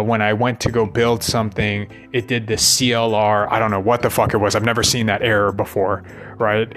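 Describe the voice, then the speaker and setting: A man's voice: lowish voice, a bit bright. A rambling, profane man venting. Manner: profane, ranting, keeps asking "right?". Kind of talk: rambling monologue.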